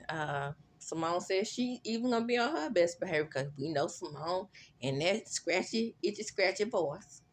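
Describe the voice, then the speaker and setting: Chatty woman recapping a reality show. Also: on the low side. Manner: chatty, animated, laughing asides.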